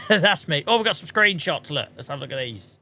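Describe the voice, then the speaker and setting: Brief: male game streamer, slightly high voice, loose chatty self-mockery. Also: expressive, normal speed, gravelly, pushed and bright. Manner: chatty, self-mocking, swears casually. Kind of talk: casual livestream chat.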